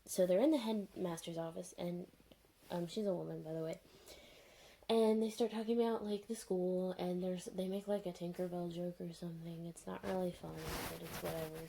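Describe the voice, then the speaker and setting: A woman's voice: fairly low pitch, fairly even intonation, fairly quick, creaky, mellow, breathy edge. A young woman vlogger reviewing a show in a rambling, sarcastic, unscripted rant full of fillers.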